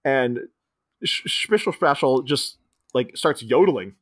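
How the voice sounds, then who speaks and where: A man's voice: medium pitch, unhurried, dry recording, clean studio sound. A man co-hosting a podcast, casually recapping a film and acting out quoted lines along the way. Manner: animated retelling, jumping into quoted voices. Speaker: podcast co-host.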